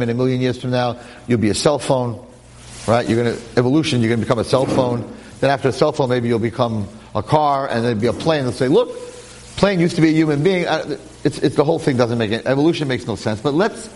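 A man lecturing and telling a story with lively jokes and frequent restarts, speaking to listeners in a room. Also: medium pitch, big-room sound, slight background noise. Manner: animated, repetitive restarts, joking. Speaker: Jewish lecturer.

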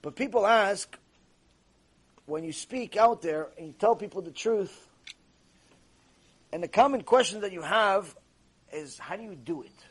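A rabbi delivering a Torah lecture in a husky, high-pitched man's voice. He argues emphatically and piles up rhetorical questions, his pitch swinging widely. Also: lively intonation, measured pace, long pauses. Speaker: rabbi teaching Torah ethics.

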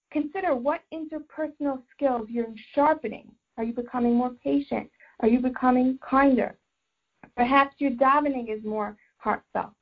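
A woman's voice: on the high side, lo-fi sound. A woman teaching a religious class mixed with life coaching, explaining step by step and repeating phrases as she thinks.

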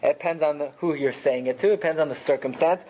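A man giving a Talmud class lecture, explaining rulings in a conversational, animated way. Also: a little high, fast, poor audio. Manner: animated, conversational explaining with Hebrew and Yiddish terms. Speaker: Torah teacher.

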